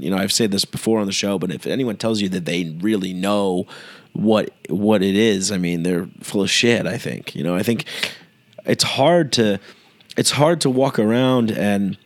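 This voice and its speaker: A man's voice: fairly low pitch, dry recording. A young man hosting his own podcast, telling a long story in a meandering, laid-back way with many fillers and restarts. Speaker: podcast host. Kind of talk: rambling solo podcast monologue.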